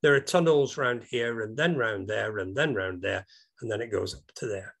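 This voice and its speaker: A man's voice: fairly low pitch, moderate pace, creaky, a bit bright. A British man giving an informal slide talk over a video call, rambling and hesitant with many ums, breaking into enthusiastic asides. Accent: British English.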